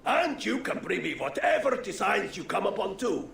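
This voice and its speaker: An actor playing a friendly, gruff male Viking tattoo artist in a video game. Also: sits high, very animated, normal speed, a bit bright, a little hiss or hum, full character voice. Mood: easygoing. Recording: roomy game audio with faint ambience.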